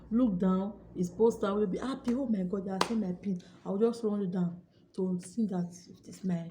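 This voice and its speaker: A young adult woman YouTuber telling her viewers a story in a casual vlog, acting out her own excited shouts. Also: medium pitch, a little hiss or hum.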